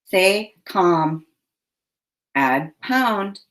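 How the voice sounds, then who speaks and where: A woman teacher leading a phonics lesson for young children, giving slow, clearly enunciated prompts. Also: lowish voice, animated, fairly bright tone, a little hiss or hum.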